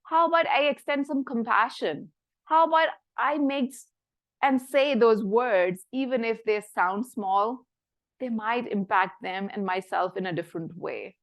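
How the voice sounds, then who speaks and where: Earnest woman physician giving a reflective talk. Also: on the high side. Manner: earnest, measured, softening to near whispers at tender moments.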